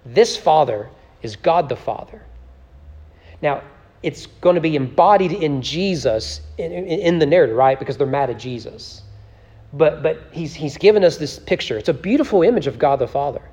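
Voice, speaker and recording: A man's voice: on the high side, lively intonation, brisk, a little mellow, long reverb tail. A man teaching a church Bible study in a conversational way, often asking "right?" and reading scripture aloud with emphasis. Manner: conversational, repeats words and tags lines with "right?".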